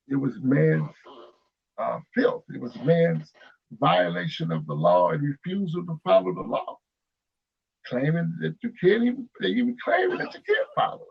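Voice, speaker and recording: A man speaking slowly and haltingly with many pauses, preaching on spiritual matters. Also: on the high side, gravelly, husky. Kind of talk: spiritual discussion. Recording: dull lo-fi sound.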